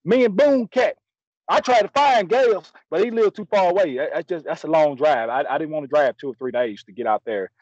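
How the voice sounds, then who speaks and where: Man putting on a high, hollering backwoods blowhard with a drawl; slightly muffled, dry sound. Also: a little fast, darkish tone, no echo, natural voice. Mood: boastful. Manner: brash, rambling, hollering. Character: loud boastful backwoods country man, grown. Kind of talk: comedy character monologue.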